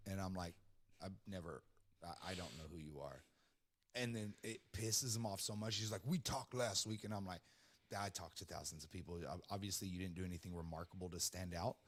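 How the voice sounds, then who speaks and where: A man with a somewhat low voice trades casual, brash banter. He swears freely and talks with easy swagger. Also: brisk. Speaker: show guest. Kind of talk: casual chat.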